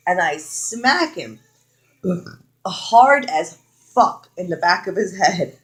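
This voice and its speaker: A woman's voice: lowish voice, animated, slow pace, long pauses, a bit bright. A young woman vlogger telling a personal story in casual storytime style, frank and full of swearing, acting out the quoted lines.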